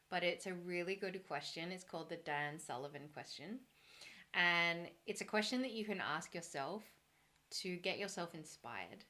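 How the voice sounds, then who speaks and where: Earnest, slightly hoarse woman coaching. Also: lowish voice, pushed and bright. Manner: earnest, encouraging, thinking aloud with fillers. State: a little hoarse. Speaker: brand coach. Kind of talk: solo talk on branding.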